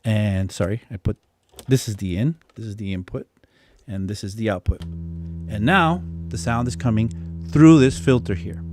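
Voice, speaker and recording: Man demoing a synth, chatty and relaxed. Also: on the low side, moderate pace, music in the background. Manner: relaxed, thinking aloud with frequent restarts and fillers; reads chat comments aloud. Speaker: music production instructor. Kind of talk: casual live-stream demonstration. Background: synthesizer tones.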